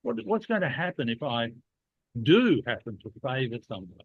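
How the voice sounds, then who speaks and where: A man's voice: mid-range voice, big pitch swings, moderate pace, husky, dry recording. Man with a cold on a tinny line. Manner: chatty, playful, teasing asides. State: has a cold. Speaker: leadership program host. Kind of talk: casual podcast discussion. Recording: dry, tinny phone-like line.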